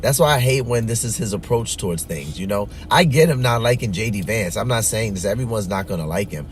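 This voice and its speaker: A man's voice: lowish voice, animated, brisk, a little hiss or hum. A man hosting a reaction show, talking in a rambling, earnest way with many fillers. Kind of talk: casual commentary.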